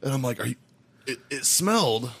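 A man's voice: mid-range voice, fairly quick, vocal fry, slightly rough. A man co-hosting a podcast, telling a crude story in casual chat, swearing and laughing often. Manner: profane, excitable, laughing storyteller. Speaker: podcast co-host.

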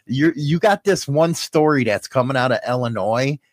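A man's voice: medium pitch, normal speed, dry recording. A man co-hosting a casual talk show, joking loosely and swearing freely. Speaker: podcast co-host. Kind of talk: casual chat. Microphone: studio mic with headphones.

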